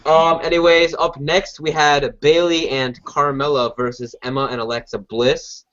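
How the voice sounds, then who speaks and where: A man's voice: fairly high pitch, normal speed. Chatty man hosting a podcast, lo-fi. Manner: relaxed, chatty, many fillers. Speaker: podcast host. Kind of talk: casual show review. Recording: dull lo-fi recording.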